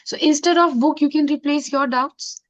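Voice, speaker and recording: A woman with an Indian accent teaching a French class, mixing in Hindi and repeating phrases slowly. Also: high-pitched, steady tone, no echo. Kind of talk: online classroom lesson. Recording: dull, dry lo-fi sound.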